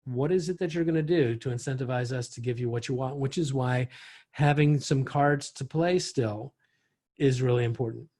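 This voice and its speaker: A man's voice: medium pitch, moderate pace, a little mellow. A middle-aged man leading an online real estate training session, talking in a conversational way with frequent restarts.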